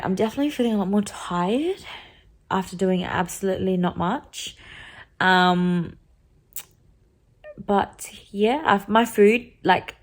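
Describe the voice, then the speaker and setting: A young woman talking casually to a handheld camera, rambling and chatty, full of "like" and "um". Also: mid-range voice. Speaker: vlogger.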